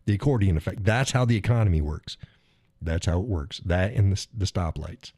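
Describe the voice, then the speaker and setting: A man's voice: deep voice, fairly quick, dry recording, clean studio sound. A man hosting his own live stream, talking casually and with a lot of swearing as he acts out frustrated drivers. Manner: profane, animated, acts out quoted drivers. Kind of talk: casual political rant.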